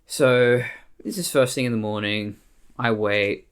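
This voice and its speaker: An Australian woman telling a personal story on her vlog in a blunt, profane, animated way. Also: rumbling low, a little slow, clean tone. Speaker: vlogger.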